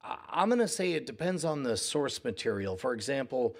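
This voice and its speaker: A man in his forties chatting casually on a podcast, rambling and acting out quotes in lively voices. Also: mid-range voice, brisk. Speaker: podcast co-host. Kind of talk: casual chat.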